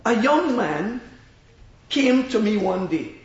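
Preacher guy, slow and emphatic, booming echo all around. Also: very animated. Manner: emphatic, drawn-out phrases, rising to shouts. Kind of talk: sermon. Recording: echoey hall, dull lo-fi sound.

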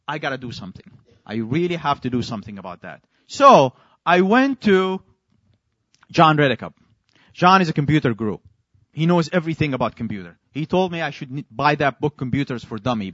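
A man's voice: high voice, a bit bright, no room sound. A man preaching a sermon, telling a long illustration story and acting out his own quoted lines. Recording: dry, slightly dull recording.

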